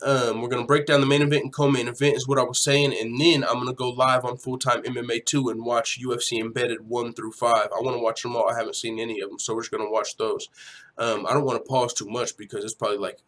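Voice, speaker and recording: A man's voice: medium pitch, level tone, fast talker, fairly bright tone. A young man hosting a casual livestream from home, talking loosely, swearing freely and reading viewers' chat aloud. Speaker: livestream host.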